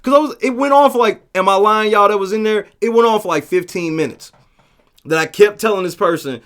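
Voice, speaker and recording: A man hosting a casual livestream, talking profanely and telling stories with lively shouted bits as he reads the chat. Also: sits high, fairly quick, clean tone. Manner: profane, animated storytelling with shouted quotes. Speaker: livestream host reading chat.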